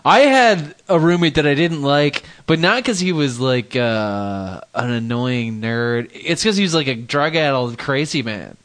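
A man's voice: medium pitch, expressive, a little slow, hardly any pauses, fairly bright tone. A man in his thirties co-hosting a podcast with dry, sarcastic remarks in casual chat. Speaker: podcast co-host.

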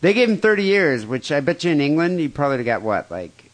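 A man's voice: a little high, very animated, fast. Crude joking man on a podcast. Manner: crude, joking, laughs often. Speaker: podcast co-host. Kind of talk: casual podcast chat, reading listener emails.

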